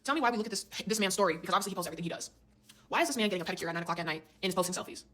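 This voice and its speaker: A young woman telling a personal story in a casual, animated, slangy way, with emphatic asides to her listeners. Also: mid-range voice, rapid-fire. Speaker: storyteller in a shared clip.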